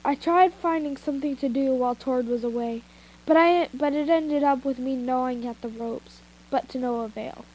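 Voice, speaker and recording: A woman's voice: high voice, normal speed, darkish tone, poor audio. A woman reading fanfiction aloud in an informal way, breaking off for asides and retakes, recorded on a phone. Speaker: fanfiction reader. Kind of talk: amateur story reading.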